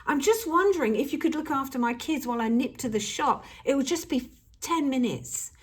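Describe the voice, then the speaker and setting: A woman's voice: sits high, expressive, brisk. A woman acting out a pushy neighbor who keeps asking for favors in a persistent, pleading way. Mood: wheedling.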